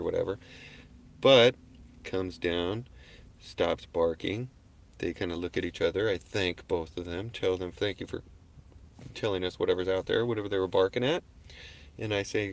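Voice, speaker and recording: A man's voice: lowish voice, gravelly. A man hosting a casual livestream, talking in a rambling, laid-back, slangy way into his webcam. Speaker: livestream host. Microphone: webcam on a desk.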